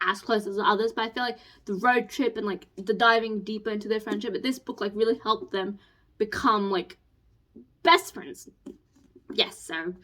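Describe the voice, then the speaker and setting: A young woman ranting about books on her vlog, gushing, fast-talking and squeaky when excited. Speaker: book vlogger. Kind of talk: casual book review rant.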